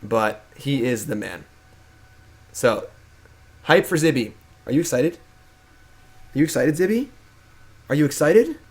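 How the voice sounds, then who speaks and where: Relaxed and playful, a young man hosting his own live stream talks to his pet and the audience without a script. His mid-range male voice is slightly rough, and he speaks at a measured pace with long pauses.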